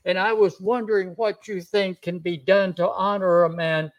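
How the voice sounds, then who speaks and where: A man's voice: high-pitched, steady tone, moderate pace, voice pushed up. A man doing a cheery, sly old king. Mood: sly cheer. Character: jovial scheming ancient king, man.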